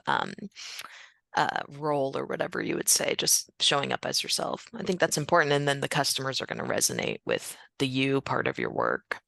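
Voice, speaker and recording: Creaky, bright-voiced woman hosting a webinar. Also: sits low, dry recording. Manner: reads out audience comments and affirms the guest. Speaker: webinar host. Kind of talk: casual panel discussion.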